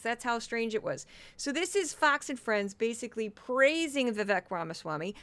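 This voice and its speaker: A woman hosting her own podcast, chatting loudly and fast, and she calls herself loud and talkative. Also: on the high side, no echo. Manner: loud, fast, chatty, self-described obnoxious. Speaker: podcast host. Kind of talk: solo commentary podcast.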